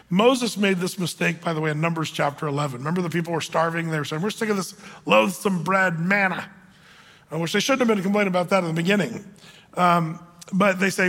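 A man's voice: a little fast, fairly bright tone, big-room sound. A man preaching a sermon as pastor, talking conversationally with many fillers and restarts and acting out quoted voices. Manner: acts out quoted voices with raised pitch.

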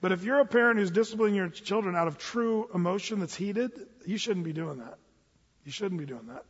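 High-pitched husky guy preaching, folksy and joking, trips over his words, dull echoey church sound. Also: lively intonation, a little fast. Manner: folksy, stumbling restarts, humorous asides. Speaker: pastor. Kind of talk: conversational sermon. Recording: dull, reverberant hall sound.

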